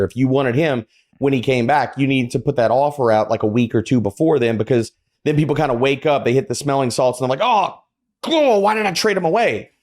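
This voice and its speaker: A man talking as a podcast panelist, making forceful points and acting out other people's reactions. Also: medium pitch. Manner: emphatic, argumentative, acts out quotes. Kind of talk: casual podcast chat.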